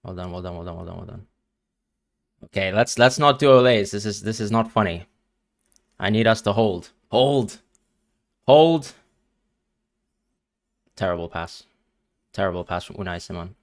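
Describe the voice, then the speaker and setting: A man's voice: sits low, moderate pace, vocal fry, long pauses, no room sound, clean studio sound. A man streaming live and reacting emotionally to a football match as he watches, talking to his viewers.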